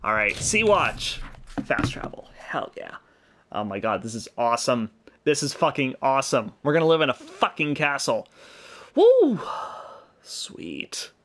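Young male let's-play host, excitable, jokey, bright sound. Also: mid-range voice, moderate pace. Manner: excitable, jokey, swears freely. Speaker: gaming channel host. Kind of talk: casual let's-play commentary.

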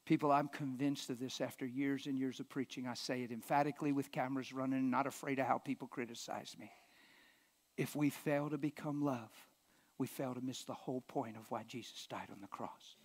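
A man preaching a live sermon in a church, emphatic, often dropping to a hushed whisper. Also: medium pitch, steady tone, brisk. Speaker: pastor.

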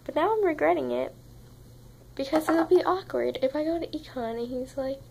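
A tired young woman talks to her camera in a rambling, foul-mouthed chat. Her voice sits high and has a gravelly fry. She is speaking indoors in a student room. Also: moderate pace, darkish tone, poor audio. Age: young adult. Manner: rambling, swears constantly. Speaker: vlogger.

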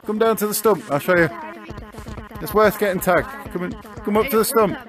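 A man's voice: sits high, moderate pace, music in the background. A man with a British accent, chatting cheerily in a game's voice chat as a moderator. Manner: cheery, upbeat, says mate. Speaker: moderator and video maker. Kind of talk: casual game chat over voice.

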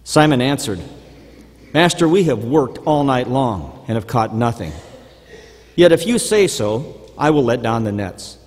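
A man giving a measured, formal reading of scripture during a church service. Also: medium pitch, expressive, darkish tone. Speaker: scripture reader. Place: church sanctuary. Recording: church hall reverb.

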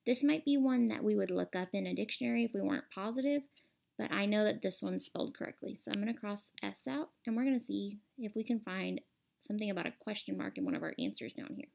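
A woman's voice: medium pitch, fast talker, vocal fry, a little mellow. A woman teacher explaining a grammar lesson patiently and step by step over a screen recording.

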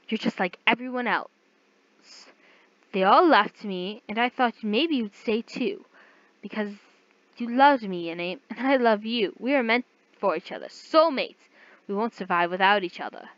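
A woman voicing a possessive, obsessive man who is a nation personified, speaking with soft menace. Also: medium pitch, lively intonation, normal speed, dry recording, highs cut off, close to an everyday voice. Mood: desperate. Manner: soft-spoken and menacing, then pleading.

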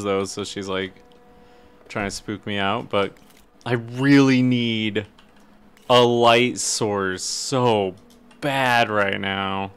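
A man's voice: lowish voice, fairly bright tone, clean tone. A man streaming a horror game live, commentating and swearing, yelping when startled.

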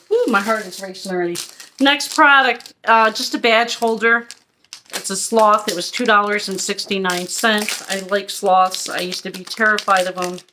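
A woman's voice: medium pitch, noisy background. A woman vlogger chatting her way through a haul review, frank and rambling.

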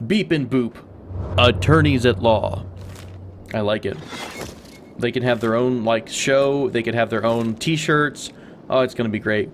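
A man talking through his game session in a loose, easygoing way. He rambles and thinks aloud, with asides as he goes, in a voice of middling pitch. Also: moderate pace, slight background noise. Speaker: let's play host. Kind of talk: casual gameplay commentary.

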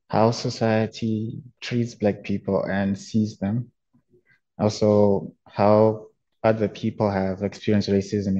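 Young man, from Zimbabwe, student presenter, flat delivery, lo-fi audio. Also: on the low side. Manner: plain, slightly halting explanation. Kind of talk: webinar presentation. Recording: dull lo-fi audio.

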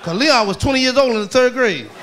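This comedian's voice is extremely high, expressive, quick, and a bit bright as he performs stand-up live, spinning rowdy, profane tales and mimicking people in mocking voices. The club recording picks up audience laughter and room noise.

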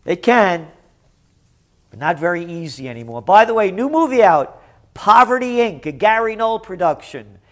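A man giving sarcastic, indignant commentary on news stories, swinging from mocking mutters to outraged shouts. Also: high-pitched, sing-song, moderate pace.

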